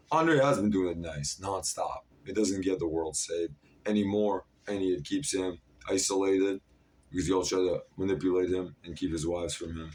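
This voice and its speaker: A man's voice: sits low, a little mellow, slight background noise. A man in his thirties talking in a disjointed, jumpy stream with many fillers, in a rambling monologue to camera. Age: 30s. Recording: voice a bit far from the mic.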